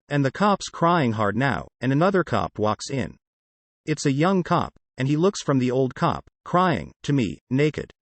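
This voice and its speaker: Brief: male audiobook narrator, sardonic, animated pitch, dry close sound. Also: a little slow, no echo. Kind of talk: first-person novel narration.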